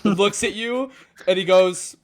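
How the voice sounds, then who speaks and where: A man narrating as game master in a tabletop game, halting and full of fillers and restarts. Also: high voice.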